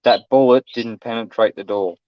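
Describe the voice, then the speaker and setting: A man's voice: medium pitch, fairly even intonation, normal speed, no room sound. A middle-aged Australian man telling a story in casual chat, blunt and swearing, acting out what people said. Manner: blunt, swearing, acts out quotes loudly. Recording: dull, dry lo-fi sound.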